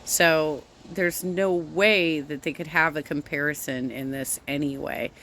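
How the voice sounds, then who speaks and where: A woman giving true crime commentary in a deliberate, explaining way. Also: low voice, fairly even intonation, a bit bright, a little hiss or hum. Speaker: video commentator.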